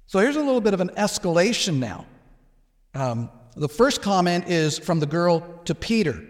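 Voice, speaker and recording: A man's voice: high voice, very animated. Man preaching in a reverberant sanctuary. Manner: explanatory, measured, with frequent restarts and asides. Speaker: pastor. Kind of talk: expository sermon. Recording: long hall reverb.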